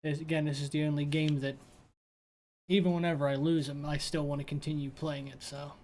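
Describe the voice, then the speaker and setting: A man co-hosting a casual gaming chat, easygoing and halting with fillers. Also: a little high, level tone, a little mellow, a little hiss or hum. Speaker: podcast co-host.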